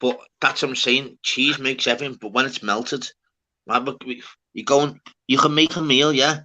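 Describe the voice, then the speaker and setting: A bright, forward-voiced man from the north of England rambles away in laddish chat, swearing freely. He talks like a livestream host chatting with his viewers and his co-host. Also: medium pitch, fairly even intonation, moderate pace. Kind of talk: casual chat.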